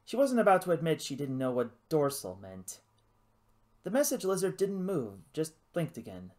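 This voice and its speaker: An audiobook narrator reading an adventure novel aloud in an expressive storytelling manner. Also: mid-range voice, normal speed. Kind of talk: scripted narration.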